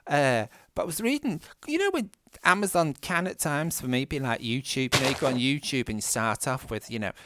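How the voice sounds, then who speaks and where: A man's voice: medium pitch, animated, fairly quick, hardly any pauses, noisy background. A man with a Manchester accent chatting casually while playing a game at home, rambling, self-mocking and laughing often. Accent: Mancunian English. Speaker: gaming vlogger. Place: indoors at home.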